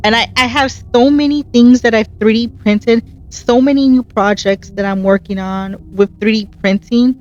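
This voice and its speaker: A woman's voice: on the high side, fairly even intonation, normal speed, few pauses, darkish tone, highs cut off. A woman hosting her gaming channel, chatting earnestly and encouragingly as she plays, telling stories with animation. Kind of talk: casual gameplay commentary.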